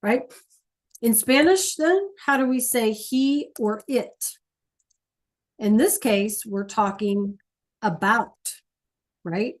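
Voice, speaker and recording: A woman teaching a language class, patiently explaining and checking in with her students often. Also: on the high side. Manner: repeats key points slowly. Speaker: Spanish teacher. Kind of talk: classroom lesson.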